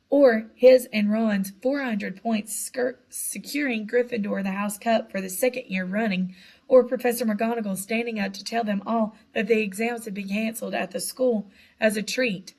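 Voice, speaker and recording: A woman narrating a children's novel with a lively, expressive reading. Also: on the high side, normal speed, creaky. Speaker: audiobook narrator. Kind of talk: storybook narration.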